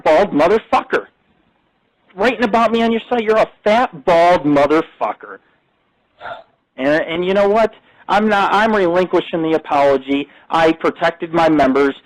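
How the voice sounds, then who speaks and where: A man's voice: a little high, dry recording, poor audio. A middle-aged man hosting a live internet radio talk show, ranting and boasting in crude, profane language.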